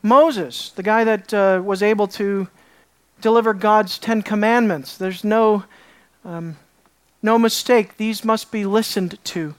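A woman's voice: medium pitch, steady tone, slow. A woman preaching as a Bible teacher, emphatic, asking the listeners rhetorical questions and repeating words for stress. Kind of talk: sermon-style Bible teaching.

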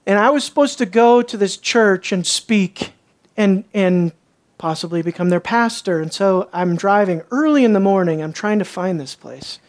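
A woman pastor preaching a sermon, telling stories and acting out the people in them. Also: moderate pace. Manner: animated storytelling, acts out characters with jumps in pitch.

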